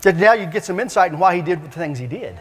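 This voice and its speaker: A man evangelist preaching and telling stories in an animated, repetitive, emphatic way in a church. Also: high voice, fast talker, breathy edge. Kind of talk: preaching with storytelling. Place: church sanctuary. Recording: long church-hall reverb.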